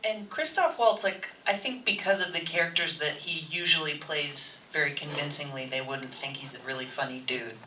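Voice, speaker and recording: An excitable man moderates a convention panel, his voice pitched high for a man and piercingly bright. He sounds far from the mic, the words ringing around a big hall. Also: moderate pace, few pauses, slight background noise. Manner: excitable, enthusiastic.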